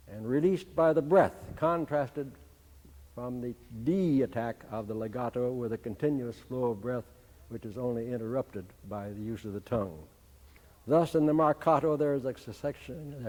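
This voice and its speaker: An older man from the United States, a band conductor, giving a measured, didactic talk and singing syllables to demonstrate. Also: mid-range voice, a little mellow, big-room sound. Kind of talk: instructional talk.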